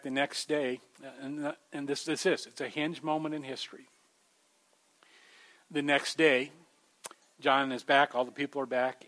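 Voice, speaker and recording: A pastor with a mid-range, fairly bright voice delivers a sermon in a conversational style. He addresses his listeners as folks and becomes more emphatic as he urges them on.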